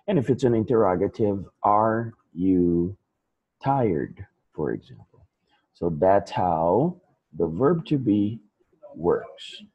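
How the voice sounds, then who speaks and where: A man teaching English grammar in a lesson, slowly and patiently explaining with example sentences. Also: lowish voice, very animated, slightly rough, highs cut off. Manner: slow, patient, repeats points with example sentences.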